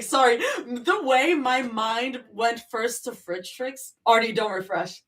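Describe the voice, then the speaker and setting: A woman streamer reads fan fiction aloud live and chats over it, casual, sweary and quick to apologize. Her voice sits on the higher side and swings widely in pitch, though she takes her time with the words. She sounds a little distant from the microphone. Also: animated.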